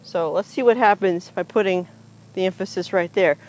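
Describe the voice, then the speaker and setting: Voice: mid-range voice, normal speed, a little mellow, rough recording. A horse trainer working a horse outdoors, explaining each step aloud in a casual, chatty way to a camera set up nearby. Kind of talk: casual explanatory groundwork demo. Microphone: camera set up nearby on the ground.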